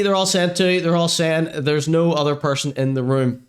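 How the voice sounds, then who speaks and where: Mocking man, fairly high voice. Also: fairly quick, few pauses. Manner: mocking, sarcastic, swearing. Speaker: podcast host. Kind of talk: comedic commentary on clips.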